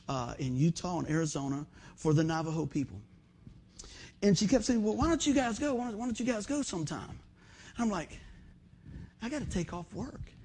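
Preacher guy, kinda high husky voice, folksy storytelling. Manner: folksy storytelling, fillers like "man". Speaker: pastor. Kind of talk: sermon.

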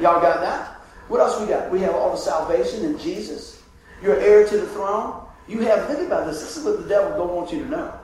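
High-voiced preacher heard from far off. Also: male voice, a little hiss or hum. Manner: call-and-response preaching, asks for amens; swings from hushed to loud and drawn out. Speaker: pastor. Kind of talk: sermon. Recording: echoey room picked up from far off.

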